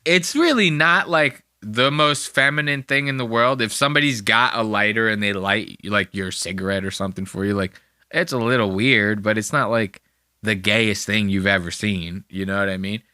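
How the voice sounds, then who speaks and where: A man's voice: moderate pace, sharp tone, clear, resonant tone, no echo, studio quality. A man hosting a podcast, mocking and crude as he comments on clips in casual profane talk. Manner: mocking, crude, bursts into high-pitched impressions. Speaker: podcast host.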